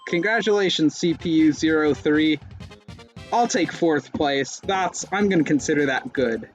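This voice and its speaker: A man's voice: on the high side, a little slow, dull audio, faint music behind. A young man streaming live gameplay, rambling with self-mocking jokes and sudden yelps.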